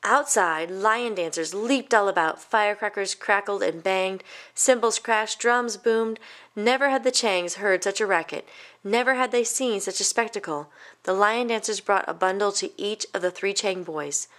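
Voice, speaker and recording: A woman reading a children's picture book aloud in an even, gentle storytelling manner. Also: medium pitch, moderate pace. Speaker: storybook reader.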